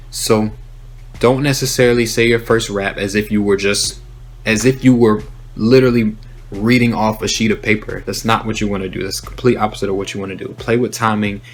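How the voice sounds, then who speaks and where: A young man hosting a rap-writing tutorial, explaining in a relaxed, conversational way and rapping short examples aloud. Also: on the low side. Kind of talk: casual instructional talk.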